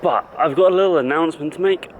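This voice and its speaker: A man's voice: on the high side, fast talker, slight background noise, rough recording. A man who coaches fitness, talking casually to the camera in a vlog and explaining things in loose, stop-start phrases.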